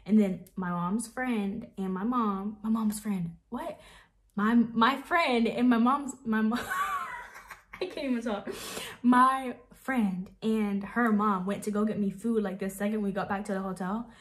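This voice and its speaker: A young woman talks straight to her audience in a loose, rambling Q&A vlog. Her voice sits at a middle pitch, and she fills her sentences with easy fillers as she answers question after question. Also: steady tone, measured pace. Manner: chatty, rambling, many fillers. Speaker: vlogger. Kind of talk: casual Q&A vlog.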